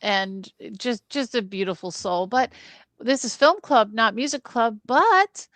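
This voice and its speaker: A middle-aged woman co-hosting a film review chat, speaking in a gentle, measured way. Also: a little high, animated, dry recording. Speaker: film club co-host.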